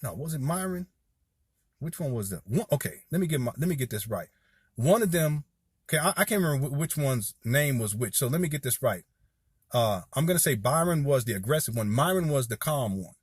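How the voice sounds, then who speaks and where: This Southern California video commentator, in his forties, gives viewers—his "y'all"—an impassioned, rambling talk straight into the camera. His mid-range voice is husky and animated, moving fairly quickly, in studio-quality sound with no echo.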